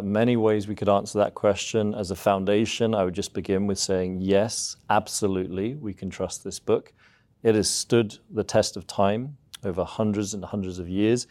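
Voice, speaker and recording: A man from southeast England with an English accent, a seminary professor answering interview questions in a measured, explanatory way. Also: on the low side, darkish tone. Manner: measured, explanatory, frequent "uh" fillers.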